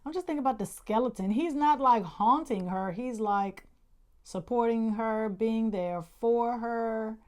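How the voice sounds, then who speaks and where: Chatty woman tarot reader, slow-paced. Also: fairly high pitch, a little mellow. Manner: slangy, chatty, repeats "okay?" often. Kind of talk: casual monthly tarot reading.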